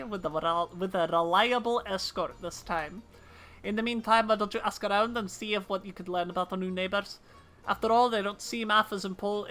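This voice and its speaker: A woman's voice: medium pitch, fairly bright tone, voice pushed up, close to an everyday voice. A woman voicing a brash, swaggering naval lieutenant in a put-on Scottish accent, reading game cutscene lines theatrically.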